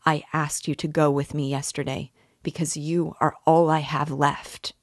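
A tormented young man confessing in slow, heavy words, as a woman reads him aloud from a novel. His lines rise into despairing cries, in a dry, close recording. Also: sits low, flat delivery, no room sound. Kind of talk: audiobook reading.

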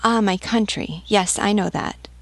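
A woman reading the part of a bewildered young peasant mother who answers in a halting, stammering way. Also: medium pitch, fairly even intonation, no echo, voice pushed up.

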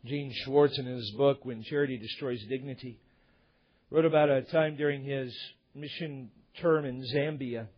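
Guy preaching, acts out little scenes w/ voices, kinda husky, muffled recording. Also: mid-range voice, steady tone, normal speed. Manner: storytelling with acted-out dialogue. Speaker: pastor. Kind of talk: sermon.

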